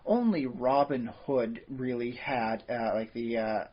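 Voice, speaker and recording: A man co-hosts a podcast in casual chat, rambling with lots of fillers and restarts. His medium-pitched voice has a breathy edge, fairly even intonation and a measured pace, heard through dull lo-fi podcast audio.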